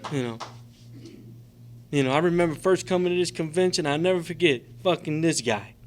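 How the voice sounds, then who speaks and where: Middle-aged man, slightly high voice, emotional testimony, profane, rambling, "man" and "you know" fillers. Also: brisk, a little hiss or hum. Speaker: recovery convention speaker. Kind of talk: personal testimony to a group. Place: convention meeting room.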